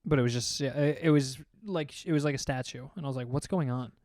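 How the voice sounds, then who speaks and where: A young man co-hosting a podcast, chatting casually, laughing often and acting out people's reactions in an animated way. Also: medium pitch, quick pace, no room sound, studio quality. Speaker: podcast co-host. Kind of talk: casual chat.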